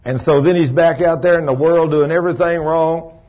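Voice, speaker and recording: A man preaching a sermon, telling a story with lively emphasis and asking the congregation questions. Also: fairly high pitch, brisk. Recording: dull lo-fi recording.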